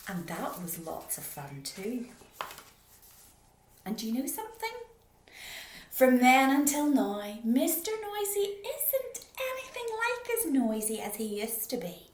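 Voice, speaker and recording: A woman reading a children's story aloud, playful and slow, often dropping to a whisper. Her voice swings widely in pitch and sounds roomy and echoey. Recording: roomy echo.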